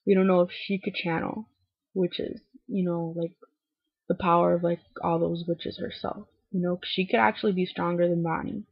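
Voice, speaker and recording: A young woman talks through an episode recap in loose, chatty bursts, full of "like"s and swears, a little low on energy as if unwell. Her voice is gravelly and husky. It sounds dull and lo-fi, close and dry on a webcam mic. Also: level tone, moderate pace, no echo. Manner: talkative, many "like"s, swears freely, acts out lines in quotes.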